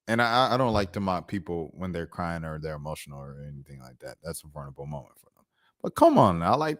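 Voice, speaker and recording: A man with a low voice hosts a casual live commentary stream. His delivery is animated and mocking, with pitch that leaps up and down. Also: fast. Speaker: commentary channel host.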